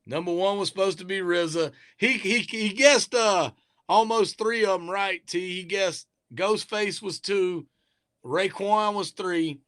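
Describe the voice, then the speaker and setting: High, bright-voiced man chatting eagerly. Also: unhurried. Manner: eager, talkative, trails off mid-thought. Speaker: rapper being interviewed. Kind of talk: casual chat.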